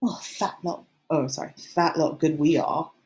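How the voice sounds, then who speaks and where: A woman's voice: low voice, a little slow, a little mellow. A woman doing a cautious, earnest boy leader.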